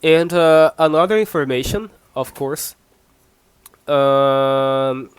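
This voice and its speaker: A man's voice: mid-range voice, takes it slowly, clean tone, dry recording. A man from Brazil with a Brazilian accent, speaking English as a second language while he teaches an online class, patiently repeating himself and giving examples. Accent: Brazilian Portuguese. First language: Portuguese. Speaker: Portuguese teacher.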